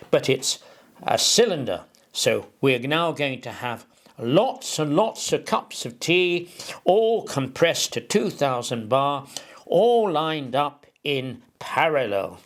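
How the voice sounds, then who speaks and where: Man, informal explainer; unhurried, very lively intonation, digressive and emphatic. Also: fairly high pitch. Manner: rambling, digressive, with homely analogies. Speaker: presenter explaining an engineering idea.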